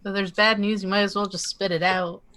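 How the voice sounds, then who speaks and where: A woman's voice: mid-range voice, level tone, fairly quick, pushed and bright, natural voice. A woman voicing a blunt, impatient young female tiefling adventurer.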